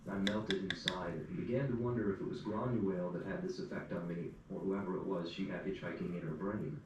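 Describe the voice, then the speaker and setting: A man's voice: low-pitched, steady tone, a little fast, darkish tone. A man narrating a first-person story in a dry, wry storytelling manner. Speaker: audiobook narrator. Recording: echoey room, distant mic, faint hum.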